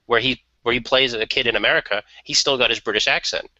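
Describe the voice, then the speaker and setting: A man's voice: mid-range voice, fast, pushed and bright, no room sound, dull audio. A man chatting casually and giving opinions on a radio talk show, often laughing.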